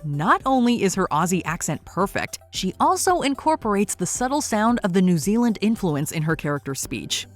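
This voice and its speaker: A woman's voice: medium pitch, very animated, moderate pace, few pauses. A woman narrating a scripted countdown video in an upbeat, bouncy way. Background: faint music.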